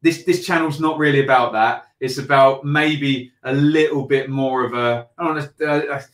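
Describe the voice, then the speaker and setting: A man's voice: mid-range voice, normal speed. A man hosting a football channel, giving a passionate, emphatic reaction full of repeats and ums. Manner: animated, emphatic, repeats phrases, many ums. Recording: echoey room.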